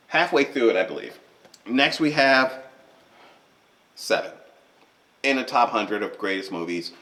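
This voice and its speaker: Rambling, animated man with a lowish voice. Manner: rambling and animated, with frequent fillers and self-corrections. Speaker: collector reviewing his movie collection. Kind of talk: unscripted casual vlog.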